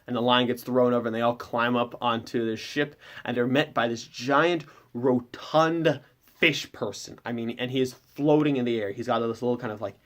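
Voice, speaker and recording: A man's voice: mid-range voice, fairly even intonation, normal speed, a bit bright. A man narrating as game master, recapping a tabletop session in a loose, rambling way with lots of filler words. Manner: rambling, heavy with fillers like "kind of".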